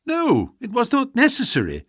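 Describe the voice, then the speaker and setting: A man reading the part of an excited government minister who speaks insistently. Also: very high-pitched, moderate pace, no room sound, studio quality, voice pushed up, exaggerated voice. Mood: agitated. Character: agitated male government minister.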